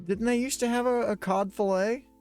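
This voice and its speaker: A man co-hosting a casual podcast chat, animated and laughing often, now and then reading articles aloud. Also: very high-pitched, brisk, clear, resonant tone, soft background music. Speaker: podcast co-host.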